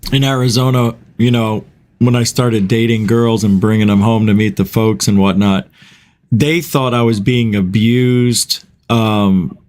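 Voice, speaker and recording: A man on a casual podcast, relaxed and laughing as he tells stories about his parents. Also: lowish voice, a little slow.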